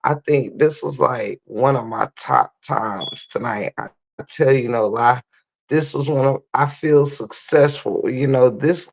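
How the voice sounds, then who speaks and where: A livestream host with a hoarse, nearly gone voice, half-whispering in a casual late-night chat. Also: medium pitch, highs cut off. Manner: half-whispering, drawn-out and laid-back.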